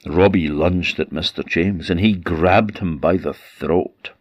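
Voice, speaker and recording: Orcadian male folk storyteller; very low voice, deliberate dramatic pauses. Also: dry recording, dull audio. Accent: Orcadian Scottish. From Orkney, Scotland. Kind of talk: traditional ghost-story telling.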